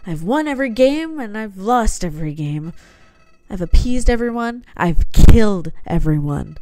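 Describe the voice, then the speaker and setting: A woman gives a warm, lively, medium-pitched reading of game dialogue at a moderate pace, her voice pushed up yet natural. She puts on a slightly theatrical voice for a sinister, soulless talking flower, cold and manipulative, and sounds coldly confiding.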